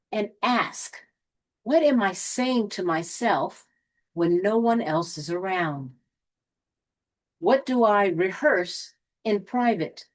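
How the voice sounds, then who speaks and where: A woman giving a spiritual motivational talk, speaking deliberately with dramatic pauses and a touch of sarcasm. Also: mid-range voice. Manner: lightly sarcastic.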